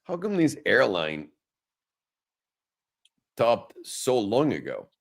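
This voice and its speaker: A man's voice: mid-range voice, huge pitch swings, takes it slowly, creaky. A man chatting casually and joking around with his co-hosts. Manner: joking, playful. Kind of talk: casual banter.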